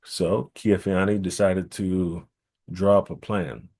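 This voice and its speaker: A man telling a traditional story at a temple gathering, lively, repeating key phrases for emphasis. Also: low voice, slow pace. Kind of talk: oral storytelling.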